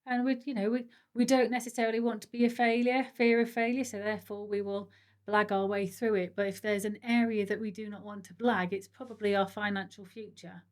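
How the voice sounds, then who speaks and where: A woman from Stoke-on-Trent co-hosts a relaxed podcast chat. Her voice sits at a middle pitch, and she explains ideas in a chatty, psychology-minded way. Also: fairly quick. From Stoke-on-Trent, England. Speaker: podcast co-host. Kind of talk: casual chat.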